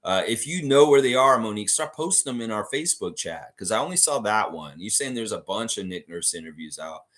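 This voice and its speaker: Casting: man from Canada, fairly low voice, casual live-stream host, rambly and full of fillers. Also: expressive, brisk, few pauses, fairly bright tone. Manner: rambling, many fillers and self-corrections. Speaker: podcast host. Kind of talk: casual live-stream chat, reading viewer comments.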